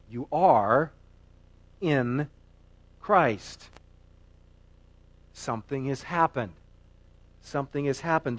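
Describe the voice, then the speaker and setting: Middle-aged male pastor, earnest sermon delivery, voice rising and falling a lot, slightly higher register. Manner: earnest and emphatic, with repetitions.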